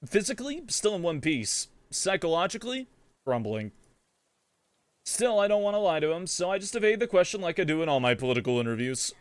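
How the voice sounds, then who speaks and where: A man's voice: high voice, sing-song, fairly quick, smooth. A man voicing a snarky young heroine. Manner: sardonic, wry asides. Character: sarcastic young woman narrating her own rescue. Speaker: streamer. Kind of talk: comedic in-character narration.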